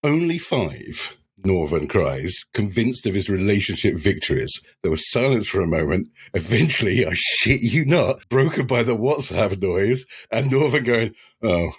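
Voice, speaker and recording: Husky man telling a story. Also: fairly low pitch, moderate pace, hardly any pauses. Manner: animated, swearing, laughing through the story. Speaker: podcast co-host telling a story. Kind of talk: casual comedic storytelling.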